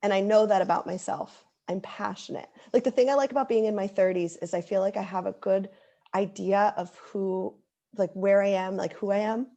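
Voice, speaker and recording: A woman's voice: mid-range voice, fairly even intonation, moderate pace, vocal fry, dark tone, muffled recording. A woman in her thirties speaking as an interview guest, earnest and heartfelt, with many likes and ums. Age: 30s. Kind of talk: casual interview chat.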